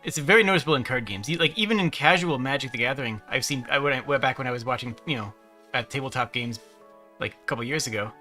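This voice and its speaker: A man's voice: medium pitch, quick pace, pushed and bright, faint music behind. A man chatting as a guest, rambling and restarting his sentences. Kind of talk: casual chat.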